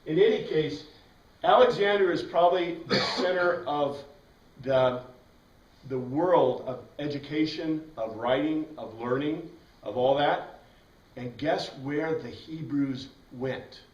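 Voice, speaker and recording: Male Bible teacher lecturing a class, lively and questioning, recorded from a distance in an echoey room. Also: fairly high pitch, takes it slowly, highs cut off. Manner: animated, asks the class questions, frequent "right?".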